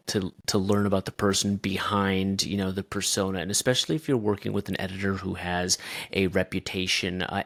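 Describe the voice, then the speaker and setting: Deep-voiced man, reflective and halting. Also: gravelly, fairly bright tone, no echo, studio quality. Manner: reflective, halting with many restarts. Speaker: podcast co-host. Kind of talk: casual chat.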